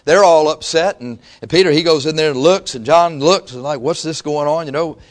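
A man's voice: fairly high pitch, fairly quick. A male pastor preaching a sermon in a conversational way, with frequent restarts and quotes he acts out.

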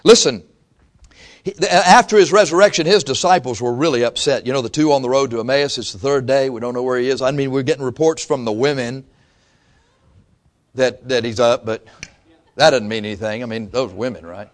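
A man's voice: medium pitch, fairly quick. A male pastor preaching a sermon in a conversational way, with frequent restarts and quotes he acts out.

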